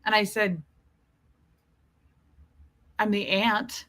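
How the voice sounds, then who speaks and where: A woman's voice: mid-range voice, fairly even intonation, drawn-out words, fairly bright tone. A woman hosting a casual livestream, chatting and greeting viewers by name as she tells a story. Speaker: livestream host.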